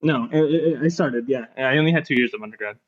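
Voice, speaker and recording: A man's voice: medium pitch, fast talker, dull audio. Rambling young man telling a story. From Phoenix, Arizona. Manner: rambling, filler-heavy storytelling with many restarts. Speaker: podcast panelist, pharmacist. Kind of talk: casual chat, storytelling.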